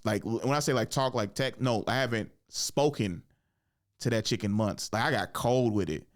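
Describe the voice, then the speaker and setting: A man's voice: medium pitch, brisk. A man in his twenties hosting his own podcast, telling stories casually with swearing and laughter. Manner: loose, profane, laughing. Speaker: podcast host. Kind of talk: casual solo storytelling.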